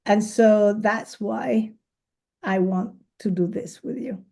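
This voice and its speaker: Enthusiastic woman photographer talking casually at an event, mid pitch, laughs easy. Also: takes it slowly, gravelly, warm tone. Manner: chatty, enthusiastic, laughs easily. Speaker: professional photographer presenting. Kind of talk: casual presentation and Q&A. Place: event space.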